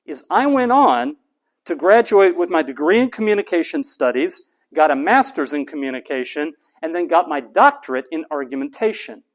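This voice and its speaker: A middle-aged college professor from Texas lectures his class in an animated, emphatic way. His voice is a little higher than most men's, and he repeats words to stress a point.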